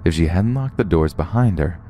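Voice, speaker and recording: A man with a very low, dark voice narrates scary true stories. His pitch moves a lot as he tells them, rising and falling with the story. The telling is scripted and steady. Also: brisk, slight background noise. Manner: storytelling, puts on short voices for quoted people.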